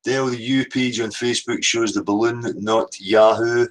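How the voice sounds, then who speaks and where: A man hosting a phone-in show, chatting in a relaxed way with frequent "you know"s. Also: medium pitch, moderate pace, poor audio. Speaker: host. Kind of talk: casual phone-in chat.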